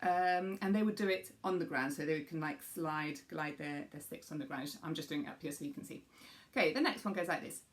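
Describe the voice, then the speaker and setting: A woman's voice: low voice, brisk. A woman music teacher patiently explaining a rhythm game for young children and demonstrating the beats aloud.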